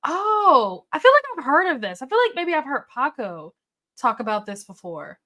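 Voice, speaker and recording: A woman with a slightly higher voice hosts a relaxed live chat about books. She sounds upbeat and chatty, reacting to her viewers with quick oohs and okays. She thinks aloud freely, dropping in ums and uhs as she goes. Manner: chatty, upbeat, reacts to comments with ooh and okay. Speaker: booktube livestream host.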